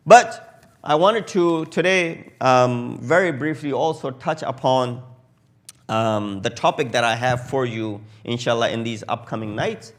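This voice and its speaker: A man preaching a sermon in English with a South Asian accent, telling a story with acted quotes that swell loud at the peaks. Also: medium pitch. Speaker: Shia preacher. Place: mosque hall.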